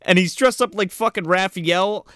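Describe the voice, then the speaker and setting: A man's voice: high-pitched, moderate pace, sharp tone, no room sound, studio quality. A man casually riffing on an old movie with friends, swearing, laughing and acting out characters in silly voices. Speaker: podcast co-host.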